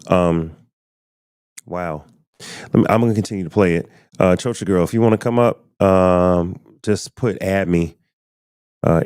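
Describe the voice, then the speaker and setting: A man with a low, deep voice hosts a live podcast stream and talks casually to his viewers. His tone is dark and mellow, and the sound is dry and close. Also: dry recording. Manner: loose and chatty, addresses viewers directly. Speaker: podcast host.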